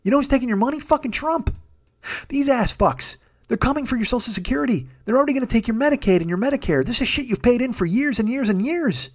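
A man's voice: very high voice, animated, fast talker. A man hosting a comedy podcast alone, ranting heatedly and swearing constantly, then rambling through thanks to his crew. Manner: rambling, self-deprecating. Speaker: podcast host. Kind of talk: solo comedy podcast rant.

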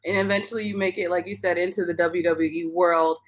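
A man's voice: sits high, fairly even intonation, a little fast. A man hosting an interview, upbeat and prompting his guest with questions. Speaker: podcast host. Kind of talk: casual interview.

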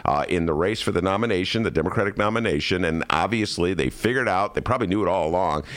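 A man hosting a casual political talk show from a studio, animated and joking, sometimes mimicking politicians. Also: sits low, quick pace. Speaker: podcast host.

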